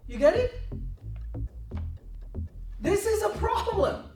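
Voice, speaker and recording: A woman's voice: extremely high pitch, big pitch swings, slow, mellow, faint music behind. A woman heading a trading desk, giving a blunt, profane, intense lecture that keeps pressing her listeners for answers. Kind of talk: confrontational mentoring talk. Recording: roomy, from a distance.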